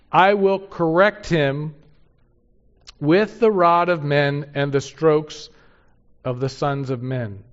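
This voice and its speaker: A man teaching through a Bible passage verse by verse. He reads scripture aloud slowly and with emphasis, and asks his listeners rhetorical questions. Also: a little high, muffled recording.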